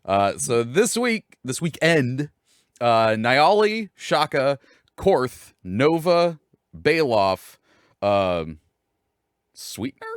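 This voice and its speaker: Male fill-in host, lively pitch, dry close sound, self-deprecating rambler. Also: extremely slow, clean tone, dry recording. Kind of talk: casual live-stream chat.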